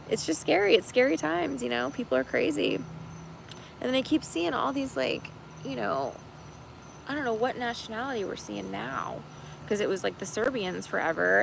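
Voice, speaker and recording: A woman's voice: medium pitch, creaky, noisy background. A woman chatting casually on a livestream as a tarot reader host, rambling with many fillers and laughing easily. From United States.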